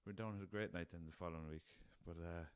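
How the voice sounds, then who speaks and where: A young man with a west of Ireland accent hosts his own podcast, spinning loose, rambling stories full of swearing and chuckles. His voice sits very low and comes across smooth and resonant. The recording is dry and close, with no room sound. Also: steady tone, rapid-fire, dry recording. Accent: Irish, west of Ireland. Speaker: podcast host. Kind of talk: casual storytelling.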